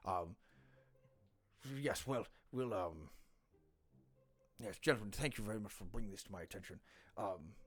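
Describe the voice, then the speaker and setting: A man's voice: lowish voice, moderate pace, long pauses, lightly acted. A man voicing a flustered, stammering male officer captain with a fussy, formal manner.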